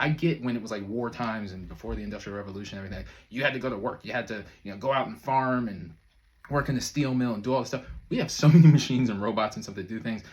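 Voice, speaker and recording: A man speaking as a manifestation coach in a loose, conversational way, full of fillers and brief chuckles. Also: mid-range voice. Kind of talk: casual motivational talk to camera.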